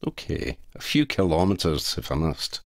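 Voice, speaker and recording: A man voicing a sardonic, grumbling male talking cat in an audiobook, raising his pitch a little. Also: big pitch swings, moderate pace, creaky, dry recording, full character voice. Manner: dry, grumbling retorts.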